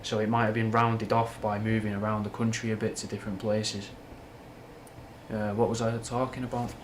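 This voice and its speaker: Over a noisy background, a young Mancunian with a faint Scouse twang answers his livestream chat in a fairly low, flat voice at normal speed. He rambles frankly, leaning on slang and swearing.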